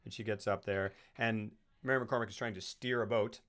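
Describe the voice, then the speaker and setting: A male podcast co-host animatedly retells a film's plot in casual movie-recap chat, swearing freely. His voice is on the low side, a bit bright and steady in tone, and he talks briskly.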